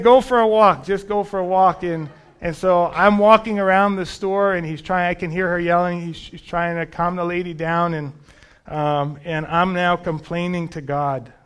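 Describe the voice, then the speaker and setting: A man's voice: high voice, fairly bright tone. A man preaching a sermon, telling a personal testimony in a conversational, storytelling way. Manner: storytelling, conversational, self-deprecating.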